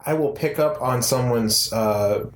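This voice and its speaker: A man co-hosting a podcast, relaxed and playful in casual chat. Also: mid-range voice, measured pace. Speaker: podcast co-host. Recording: roomy echo, faint noise.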